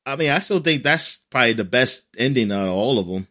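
Rambling, bright-voiced man recapping a show. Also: medium pitch, fast talker. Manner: rambling, filler-heavy, animated in quoted lines. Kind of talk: casual chat recapping a show.

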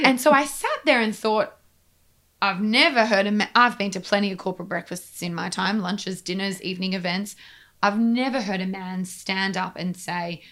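A woman speaking earnestly in a conversational interview, emphatic and quickening when she drives a point home. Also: mid-range voice, steady tone, a bit bright.

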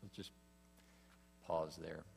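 A man preaching a sermon, earnest and emphatic, pausing and rising in stress as he reads scripture. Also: rumbling low, fairly even intonation, gravelly, darkish tone, breathy edge, long reverb tail. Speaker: pastor.

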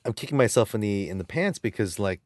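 A man chatting casually as a podcast co-host, speaking in halting, chatty phrases and interjecting often. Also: on the low side, lively intonation. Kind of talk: casual chat.

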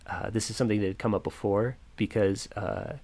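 Young man, low voice, gravelly, reflective personal storytelling, halting with fillers, dry close sound. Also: darkish tone, no room sound. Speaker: podcaster.

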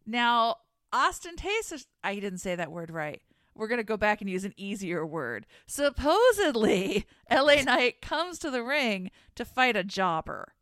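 A woman co-hosting a casual podcast chat, playful with dry deadpan jokes. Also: medium pitch, unhurried, no echo. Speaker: podcast co-host.

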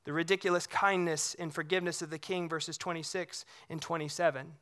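Pastor, sermon delivery: bright, forceful tone, conversational, animated when retelling scripture. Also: mid-range voice, fairly quick. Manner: conversational, checks in with the congregation using rhetorical questions.

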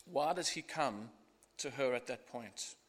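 A middle-aged man preaching a sermon, earnest and expressive, acting out the scripture as he goes. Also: mid-range voice, unhurried. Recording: echoey hall.

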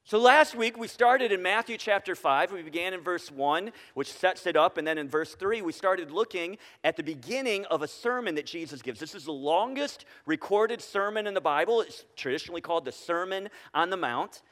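Male pastor, high voice, conversational sermon with questions to the room, hall reverb. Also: animated, moderate pace, few pauses, a bit bright. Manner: conversational, asks the congregation questions. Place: church sanctuary.

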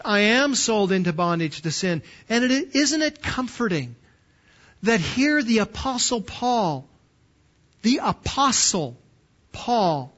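A man's voice: sits high, a bit bright, dull audio. A man preaching an expository sermon as pastor, emphatic, restarting and repeating words, and putting questions to his listeners.

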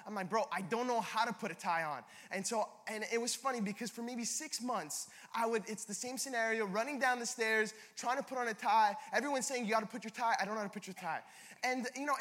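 Bright-voiced young pastor in a reverberant hall. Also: male voice, high voice. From Canada. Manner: conversational storytelling with self-deprecating asides. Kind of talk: sermon. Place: large church hall.

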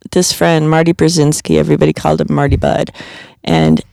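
A woman radio host with a gravelly, creaky edge to her voice tells chatty stories and laughs often. She sits close to a dry, unechoing mic in relaxed podcast talk. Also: deep voice, a little fast, no room sound. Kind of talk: casual podcast chat.

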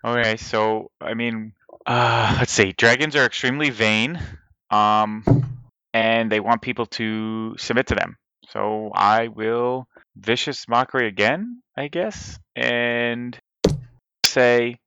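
Bright, crisp-voiced joking male player. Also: mid-range voice, fairly even intonation, slow pace, no echo. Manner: joking, laughs often. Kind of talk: casual tabletop game chat. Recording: dull dry close mic.

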